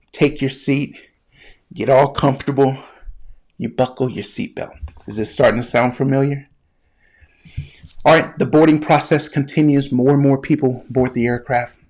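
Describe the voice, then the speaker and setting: A man, a medical educator and former flight paramedic, teaching through an animated, conversational story that speaks straight to the listener. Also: mid-range voice. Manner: addresses the listener directly, guided imagery. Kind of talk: storytelling lesson.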